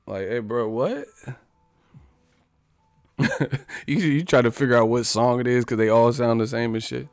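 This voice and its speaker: A man's voice: mid-range voice, normal speed, dry recording, faint music behind. A man hosting his boxing channel in a casual live-stream rant, profane and joking, breaking into laughter.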